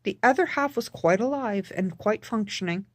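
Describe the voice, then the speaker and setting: A woman talking casually in a personal vlog, halting with frequent restarts and repeating words for emphasis. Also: medium pitch, animated, no echo, studio quality. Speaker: vlogger.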